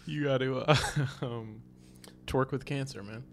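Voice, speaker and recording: A man's voice: medium pitch, measured pace, a little hiss or hum. A man co-hosting a podcast, trading jokes in casual comedic banter and teasing with playful questions. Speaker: podcast co-host.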